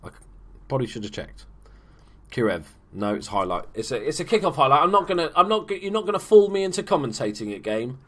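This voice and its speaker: A man giving casual, chatty commentary over a football management game, swearing freely and bursting into shouts at big moments. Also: medium pitch, very animated, fast. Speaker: gaming YouTuber. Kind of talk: casual let's play commentary.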